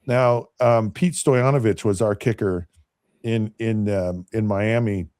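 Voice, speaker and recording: A man in his fifties with a relaxed, mellow tone tells a long story in a loose, chatty way, often circling back and restarting his sentences. The sound is close and dry, with no room around it. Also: on the low side, takes it slowly, no room sound. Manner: rambling, with frequent restarts and repeated words. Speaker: podcast host and former NFL quarterback. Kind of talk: casual anecdotal storytelling.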